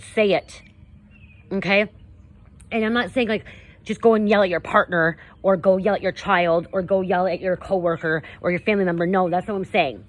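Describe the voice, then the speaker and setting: A woman giving earnest spiritual advice in a casual, rambling monologue, often adding "you know" and "okay?". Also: mid-range voice. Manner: earnest, coaching tone addressing viewers. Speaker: spiritual content creator.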